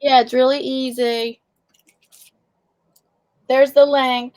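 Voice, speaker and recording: A woman's voice: sits high, flat delivery, slow, a little mellow. A woman co-hosting a casual livestream chat, talking in a friendly, repetitive way and welcoming viewers. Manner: chatty, repeats herself, welcoming viewers. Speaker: livestream co-host.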